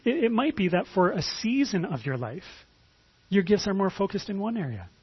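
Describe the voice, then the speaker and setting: A man's voice: high-pitched, sing-song, normal speed, breathy edge, muffled recording. A pastor giving a conversational sermon, often repeating words as he starts a phrase.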